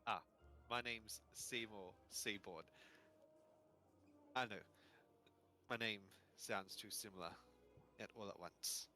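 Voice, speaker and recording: A man's voice: lowish voice, measured pace, pauses often, bright, forceful tone, faint music behind. A man playing a genteel, chatty adventurer. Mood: courteous. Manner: courteous, whimsical. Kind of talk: in-character tabletop role-play.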